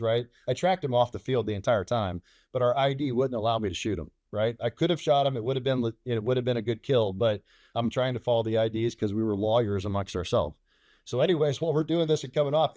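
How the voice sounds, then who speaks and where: Fast-talking man telling a war story. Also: a little mellow, no echo, clean studio sound. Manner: acts out radio calls and dialogue, rising sharply in pitch. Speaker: fighter pilot guest.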